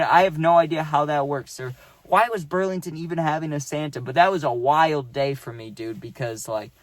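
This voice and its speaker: Brief: young male vlogger with a slightly high voice, casual, swears freely, dry close sound. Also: no echo. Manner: rambling, profane, says "dude" and "right?". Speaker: vlogger telling a story. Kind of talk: casual storytime.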